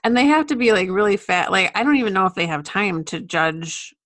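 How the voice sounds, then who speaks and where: A woman co-hosting a podcast, telling stories in a relaxed, casual way with fillers. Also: medium pitch, brisk. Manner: relaxed storytelling, trailing off, filler words. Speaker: podcast co-host. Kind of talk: casual chat.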